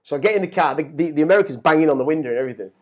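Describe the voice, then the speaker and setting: A middle-aged man telling a story as a guest, animated and swearing, often repeating words as he gets excited. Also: on the high side, racing. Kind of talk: casual storytelling.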